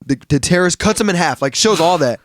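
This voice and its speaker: In a high-sitting voice and at a quick clip, this young podcast co-host chats casually, swearing and using slang as he recounts scenes and performs the characters he quotes. The audio is clean studio sound without echo.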